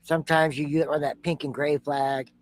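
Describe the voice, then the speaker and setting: A man's voice: on the high side, level tone, moderate pace. A man co-hosting a reaction show, giving incredulous, sarcastic commentary.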